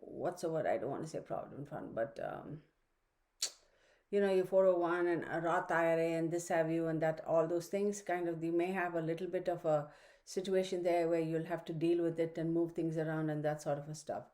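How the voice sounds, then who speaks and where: A woman talks through a weekly astrology forecast into her computer mic at home. She rambles with fillers and asides. Her voice sits a little low and sounds mellow. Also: fairly even intonation, a little fast. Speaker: astrology reader. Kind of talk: casual astrology forecast monologue. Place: home room with her dog. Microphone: computer microphone.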